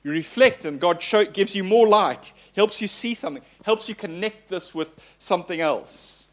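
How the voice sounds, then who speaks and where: A man delivers a sermon in an animated, playful way, circling back over phrases to press them home. His voice sits a little high for a man. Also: moderate pace. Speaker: pastor. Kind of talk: sermon teaching.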